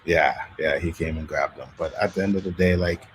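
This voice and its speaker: A man hosting a casual talk show, telling street stories from his youth in Canada with lively acted-out quotes. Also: deep voice, a little fast, a little hiss or hum. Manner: animated storyteller, acts out quotes. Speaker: podcast host. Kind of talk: casual storytelling chat.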